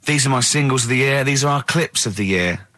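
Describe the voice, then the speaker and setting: A man's voice: medium pitch, a little fast, sharp tone. A man hosting a radio show, explaining things casually with lots of ums and uhs. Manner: hesitant, explaining with many fillers. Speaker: radio host. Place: radio studio.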